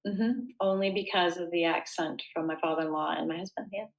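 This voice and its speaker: Low-voiced woman, earnest interview guest. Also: a little fast, rough recording. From United States. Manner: thoughtful, earnest, with frequent fillers. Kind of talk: casual interview conversation.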